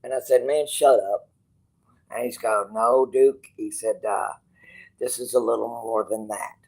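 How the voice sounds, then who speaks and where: A man's voice: medium pitch, fairly even intonation, normal speed, creaky, low-quality recording. A man hosting his channel, telling a personal story to viewers in a rambling, casual way, quoting others and swearing freely. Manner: rambling, restarts, quotes others in dialogue, swears. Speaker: channel host.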